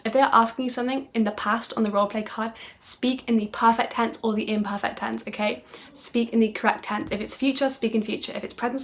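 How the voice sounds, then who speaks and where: A woman from the UK tutors straight to the camera, fast and emphatic. Her voice sits a little high, and she stops often to check in with the viewer. She plays up her tone to make each point land. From United Kingdom. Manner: animated, playing up phrases with dramatic tone. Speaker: French exam tutor. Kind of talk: video lesson monologue.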